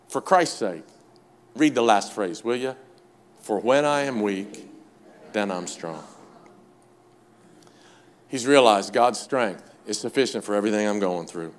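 A man preaching a sermon, impassioned and emphatic, calling out to the congregation and swinging between loud high bursts and low quiet lines. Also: big pitch swings, normal speed, long pauses. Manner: repetitive, emphatic lists; calls out to the congregation.

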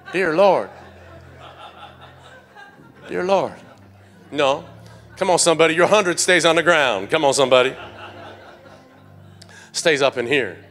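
A middle-aged male pastor preaching to his church, his fairly high voice bright and forceful. He swings between hushed, confiding passages and surging shouted calls to the congregation, with soft music playing underneath. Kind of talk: sermon.

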